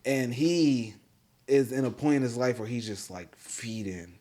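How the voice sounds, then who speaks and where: Male podcast co-host, mid-pitched, relaxed slangy storyteller. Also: a little slow. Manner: loose, slangy storytelling with lots of fillers. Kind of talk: casual chat.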